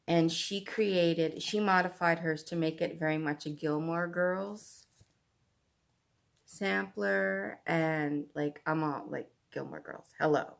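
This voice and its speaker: Slow-talking woman with a gravelly voice. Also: lowish voice, fairly even intonation. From Canada. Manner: chatty and rambling, with fillers and asides. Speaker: cross-stitch vlogger. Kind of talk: casual chat.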